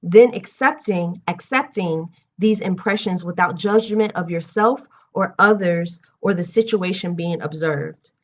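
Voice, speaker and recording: A young woman hosting a live reading stream, reading a book aloud and breaking off into candid, animated personal asides. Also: on the low side, a little slow, hardly any pauses. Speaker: host reading books aloud on a livestream. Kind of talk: reading aloud and casual chat.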